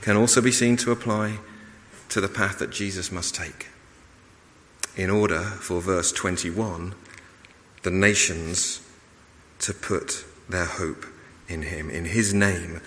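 A man preaches a sermon in a lowish, bright and forceful voice, measured and emphatic, with pauses and small restarts. His words ring out with a long reverb, as in a large church hall. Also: fairly even intonation.

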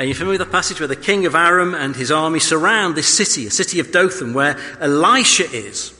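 A man preaching an expository sermon, animated and storytelling as he acts out scripture scenes. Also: on the high side, in a large hall.

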